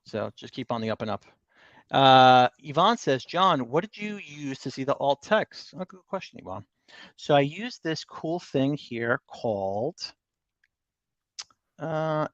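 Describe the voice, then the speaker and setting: A man's voice: fairly high pitch, lively intonation, slow, no room sound, muffled recording. Chatty man reading viewer comments. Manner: chatty, joking, reads viewer comments aloud. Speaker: livestream co-host. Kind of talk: casual livestream chat.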